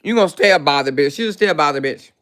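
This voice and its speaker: Woman, livestream host, casual commentary, brash, mocking, bright sharp tone. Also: low voice, lively intonation, quick pace. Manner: brash, profane, mocking, laughing.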